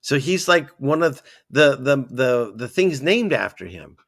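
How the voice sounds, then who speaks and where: A man hosting a livestream, chatting casually and excitably as he reads out viewer comments and drifts between topics. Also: mid-range voice, a little slow, gravelly, dry recording, studio quality. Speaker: livestream host.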